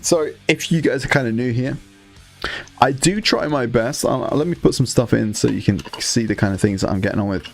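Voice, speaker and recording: A man hosting a relaxed live stream, rambling along to viewers as he paints miniatures and swearing casually. His voice is gravelly and sits at a mid pitch. Faint guitar music plays underneath. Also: fairly quick. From Scotland.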